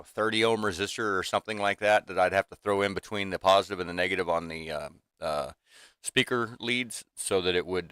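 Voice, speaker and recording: A man's voice: deep voice, fairly bright tone, clean tone, no room sound, clean studio sound. A man in his fifties venting casually to his livestream chat in a rambling way, full of restarts and fillers, from a small home workshop room. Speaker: livestream host.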